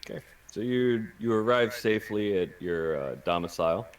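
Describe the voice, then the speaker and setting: A man narrating as game master at a tabletop roleplaying game, halting and full of fillers. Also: on the low side, smooth. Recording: distant mic, faint hiss.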